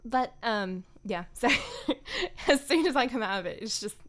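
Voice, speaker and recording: A woman's voice: fairly high pitch, big pitch swings, measured pace, fairly bright tone. A woman voice actor chatting casually on a stream, rambling and laughing often.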